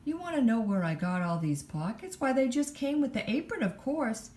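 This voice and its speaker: A friendly workman in a tool apron answers easily and kindly, as a woman reads the story aloud. His manner is relaxed and generous. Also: a little high, normal speed, voice pushed up. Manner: easygoing and friendly.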